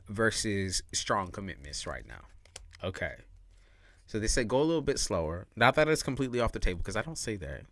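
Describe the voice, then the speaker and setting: On a live stream, a tarot reader with a lowish voice gives casual, slangy readings. He laughs often and repeats his points, and the audio has no echo.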